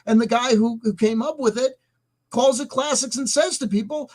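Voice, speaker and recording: A man hosting a vlog, ranting emphatically with profanity and swinging between loud outbursts and soft asides. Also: very high-pitched, moderate pace. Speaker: host.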